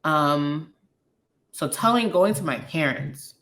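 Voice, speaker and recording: A Liberian American woman in her thirties, appearing as a guest, shares her own story openly and frankly in a low, grounded voice at a slow pace. She retells scenes with animation, slipping into quoted dialogue.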